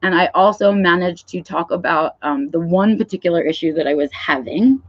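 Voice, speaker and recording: A woman's voice: fairly low pitch, normal speed, no room sound, lo-fi sound. A woman talking frankly in a live vlog, swearing freely and often checking in with "right?". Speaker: vlogger. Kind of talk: candid livestream talk.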